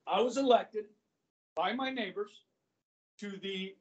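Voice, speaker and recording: High-voiced teacher telling a story in class. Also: male voice, slow pace. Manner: chatty, keeps checking in with "okay?". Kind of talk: classroom lecture with anecdotes. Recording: distant, muffled classroom recording.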